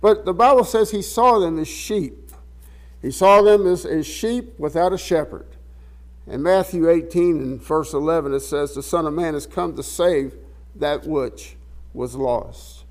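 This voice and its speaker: A man with a high voice preaches a sermon. He reads scripture aloud and then talks it through conversationally, restarting and repeating words as he goes. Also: unhurried. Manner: conversational, repeats words while searching for phrasing; reads scripture aloud in King James wording.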